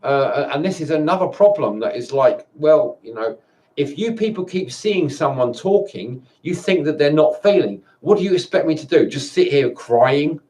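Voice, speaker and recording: A man with a fairly high voice speaks in a personal monologue to camera. He sounds tired and stumbles through repeated words, swearing often as he talks. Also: expressive, moderate pace, a little mellow. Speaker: vlogger.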